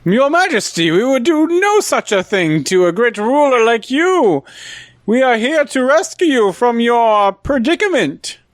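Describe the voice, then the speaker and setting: A man's voice: very high voice, big pitch swings, unhurried, no room sound, exaggerated voice. A man voicing a fussy, formal adventurer in a tabletop game. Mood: prim. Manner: formal, prim, easily offended. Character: fussy polite adventurer Lou, pompous, prim. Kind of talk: tabletop role-play.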